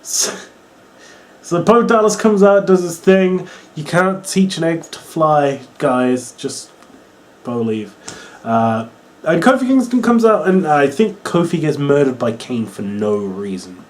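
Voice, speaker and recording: A young man from England with a Norwich accent, rambling excitedly and swearing as he reviews a wrestling show. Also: on the high side, unhurried. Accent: Norwich English. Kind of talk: casual video review.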